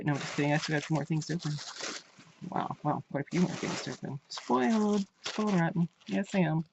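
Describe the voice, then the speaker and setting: A woman's voice: fairly low pitch, brisk, gravelly, noisy background. A woman vlogger chatting casually while unboxing crafts, gushing and repeating her praise. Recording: dull lo-fi home recording.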